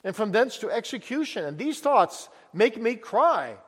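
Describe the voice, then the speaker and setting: A man's voice: very high voice, fairly quick, a bit bright, pitched above the performer's own voice. A male preacher voicing an anguished male pilgrim, weighed down by guilt and crying out in fear. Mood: fearful. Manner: pleading, desperate outcry. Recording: long echo of a large hall.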